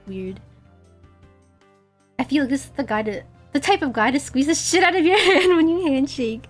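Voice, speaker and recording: A young woman streaming a game, chatting casually in a giggly, rambling, self-deprecating way, her throat a little dry and husky. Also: high-pitched, moderate pace, soft background music. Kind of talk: casual gaming stream chat.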